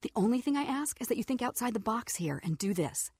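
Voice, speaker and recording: An actress playing a talking business suit in a radio ad, who speaks in corporate jargon and sounds hurt but persuasive. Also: female voice, on the high side, very animated, fast, a little mellow, husky, no echo, exaggerated voice. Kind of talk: radio ad acting.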